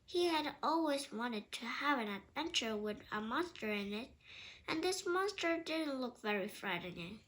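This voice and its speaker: A woman reading a children's storybook aloud, slow, clear and expressive. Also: sits high, slight background noise. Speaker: storybook reader.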